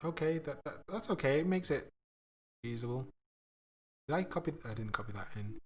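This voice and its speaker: A man streaming himself coding, thinking aloud in a casual, halting way, often trailing off and laughing at his own mistakes. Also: a little high, lively intonation, darkish tone, a little hiss or hum. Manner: slow, halting, self-mocking, laughs at himself.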